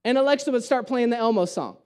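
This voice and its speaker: A young male pastor with a notably high voice tells jokes as he preaches a relaxed sermon. He talks in an animated, storytelling way, and his delivery stays light and playful. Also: fast talker, smooth. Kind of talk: conversational sermon.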